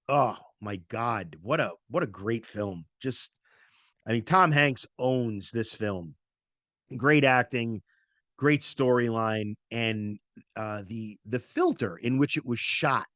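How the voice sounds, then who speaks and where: A middle-aged man hosts a relaxed movie rundown, wandering through his thoughts with plenty of fillers and restarts. His voice sits at an ordinary pitch. The sound is dry and close, with no room around it. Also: dry recording. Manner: rambling, many fillers and self-corrections. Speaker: podcast host. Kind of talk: casual movie review talk.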